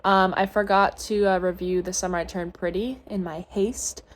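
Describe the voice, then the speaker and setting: A woman's voice: medium pitch, steady tone, moderate pace, a little hiss or hum. A young woman in her twenties, hosting a casual book recap vlog, chatty and rambling, with lots of fillers and self-corrections. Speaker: booktuber host.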